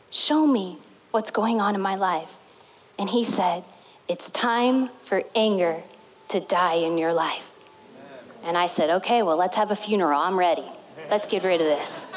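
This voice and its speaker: A woman pastor preaching a sermon to a congregation, telling stories with lively, dramatic retellings. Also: mid-range voice, rough recording. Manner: animated storytelling with dramatic retellings.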